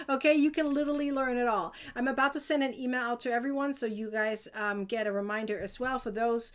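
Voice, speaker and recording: A woman with a foreign accent, chatting excitedly to viewers on a live stream from home, with frequent laughs and bursts of enthusiasm. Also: fairly high pitch, quick pace, hardly any pauses. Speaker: crochet designer and live-stream host. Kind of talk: casual live-stream chat.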